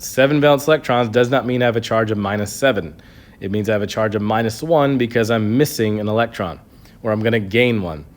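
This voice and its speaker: A man's voice: fairly low pitch, slight background noise. A man teaching a chemistry review lesson, explaining step by step with a patient manner and frequent checks of "okay". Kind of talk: recorded classroom review lesson.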